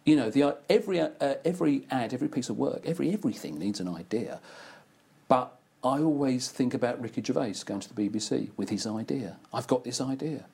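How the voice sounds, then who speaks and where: A man who works in advertising and casts voice actors, chatting casually and telling lively anecdotes. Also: medium pitch, fast, creaky, slightly rough. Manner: anecdotal storyteller, animated delivery. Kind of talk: casual conversation.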